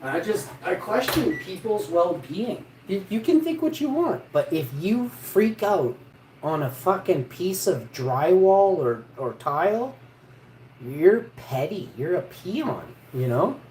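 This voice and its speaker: A man telling a rough, profane story in a blunt, casual way as a vlogger. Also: high-pitched, big pitch swings, takes it slowly, a little mellow, a little hiss or hum. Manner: blunt and profane, peppered with "eh" and "you know". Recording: roomy echo.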